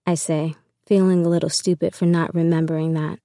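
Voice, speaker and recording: A woman narrates a first-person audiobook in an even, intimate manner. Her low, mellow voice moves briskly with few pauses, and the recording is close and dry, with no echo or room around it.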